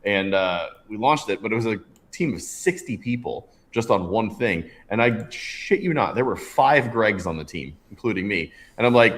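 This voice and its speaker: A man's voice: on the low side, normal speed. A man in his thirties co-hosting a casual show, telling stories and acting out other people's lines. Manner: animated storyteller, acts out voices in anecdotes. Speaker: podcast co-host. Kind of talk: casual chat.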